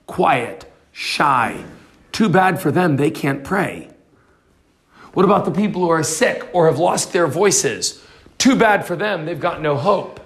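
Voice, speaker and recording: High-voiced man preaching a sermon. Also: creaky. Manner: expository preaching, reading scripture aloud then explaining. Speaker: pastor.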